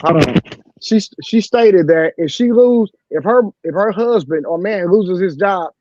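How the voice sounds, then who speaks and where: A man's voice: high-pitched, a little slow, darkish tone, dry recording. A man on a debate panel who makes pointed, challenging remarks, heard through a muffled microphone.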